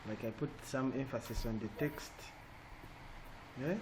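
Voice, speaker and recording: A man's voice: mid-range voice, a little slow. Man teaching design over a noisy call. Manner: checks in often with "eh?" and "yeah?". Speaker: design trainer. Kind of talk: online class teaching. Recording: noisy online call audio.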